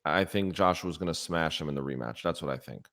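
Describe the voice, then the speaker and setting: A man's voice: rumbling low, a little fast, creaky, fairly bright tone. A man co-hosting a casual boxing chat, blunt and opinionated, repeating his points. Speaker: boxing podcast co-host.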